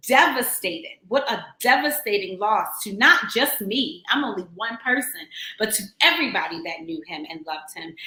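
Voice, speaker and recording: A woman's voice: a little high, bright, forceful tone, echoey room. A woman in her thirties hosting a radio show, speaking in an earnest, encouraging, conversational way about faith. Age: 30s. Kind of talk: heartfelt faith talk.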